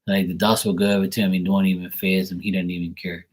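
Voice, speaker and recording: A man in his forties with a low, husky voice, chatting loosely to camera. He wanders through a family story, full of filler words and restarts. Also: flat delivery, fast talker. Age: 40s. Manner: rambling, heavy use of filler words. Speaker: tarot reader and channel host. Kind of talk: casual rambling storytelling.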